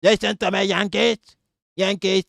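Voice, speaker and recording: A man voicing a menacing male militant spokesman who repeats slow, emphatic threats. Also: sits high, no room sound, studio quality, pitched above the performer's own voice.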